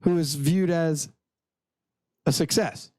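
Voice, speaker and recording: A hoarse man co-hosting a podcast, chatting about sports in a rambling, crude, jokey way. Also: a little high, fairly even intonation, slow pace, a little mellow, no echo. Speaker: podcast co-host. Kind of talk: casual sports chat.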